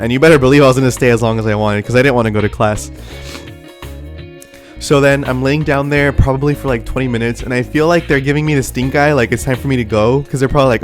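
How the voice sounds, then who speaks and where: A man's voice: mid-range voice, fast, faint music behind. A young man telling a dramatic true story to his viewers, talking to them as "guys". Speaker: vlogger. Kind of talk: storytelling vlog.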